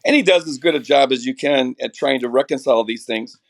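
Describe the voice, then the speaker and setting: A middle-aged man with a raspy voice from a chest cold, earnestly explaining theology as a podcast guest, restarting his sentences often. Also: mid-range voice, a little fast. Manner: earnest, builds ideas with many restarts.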